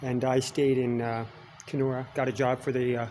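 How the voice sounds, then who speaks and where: A man's voice: mid-range voice, flat delivery, moderate pace, darkish tone, slight background noise. A Canadian man in his sixties telling rambling personal stories in a folksy manner, chuckling as he goes. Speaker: vlogger.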